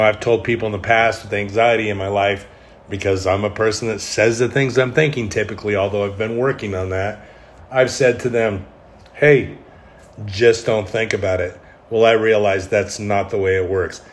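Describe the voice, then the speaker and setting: A middle-aged man hosting a solo podcast, talking candidly in a rambling way with self-deprecating humor. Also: lowish voice. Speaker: podcast host.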